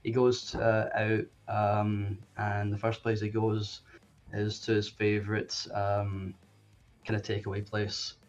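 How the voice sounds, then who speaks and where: A man playing a tabletop game, describing his character in a slow, halting way with many fillers. His voice is low and the recording is dull and lo-fi. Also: monotone. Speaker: player. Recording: dull lo-fi sound.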